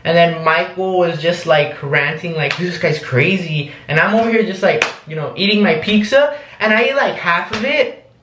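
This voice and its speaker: A man's voice: high-pitched, moderate pace, reverberant, background noise. A young man recounting a story in a rambling, casual vlog, full of "like" and "um". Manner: rambling, lots of "like" and "um". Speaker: vlogger.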